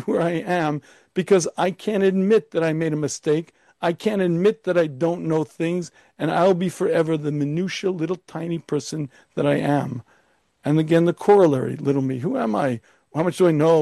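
A man's voice: fairly high pitch, brisk, vocal fry, mellow, dry recording. A man giving an emphatic Torah lecture as a rabbi, firing off rhetorical questions and now and then putting on a pompous, arrogant voice.

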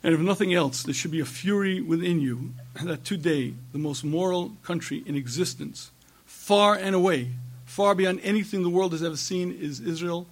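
Emphatic high-voiced man lecturing with fervor. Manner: emphatic, rhetorical questions, repeats phrases for force. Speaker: rabbi giving a talk. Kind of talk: impassioned religious lecture.

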